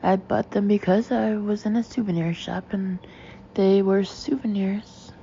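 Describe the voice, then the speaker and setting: A woman narrating a first-person audiobook in a wry, lively storytelling manner. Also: mid-range voice, unhurried, dull audio, slight background noise.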